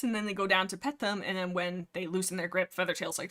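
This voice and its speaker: A young woman hosting a livestream, chatting in a rambling, casual way about a book series, full of fillers, restarts and quick acted quotes. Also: mid-range voice, fairly bright tone. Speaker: livestream host.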